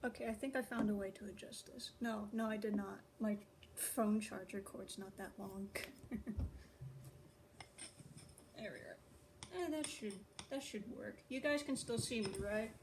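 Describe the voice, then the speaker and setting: A young woman who creates videos and writes online rambles casually to viewers, chatty and self-deprecatingly laughing. She speaks unhurriedly in a mid-range voice, pausing often, with background noise on the phone recording.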